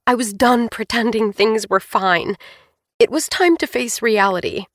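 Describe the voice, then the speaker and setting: A woman's voice: on the high side, unhurried, dry recording, studio quality. A woman narrating a first-person novel as an audiobook, reading expressively.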